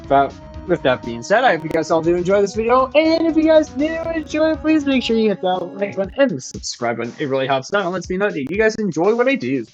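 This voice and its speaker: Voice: medium pitch, sing-song, quick pace, hardly any pauses, highs cut off, soft background music. A YouTube gamer giving loose, self-mocking let's play commentary.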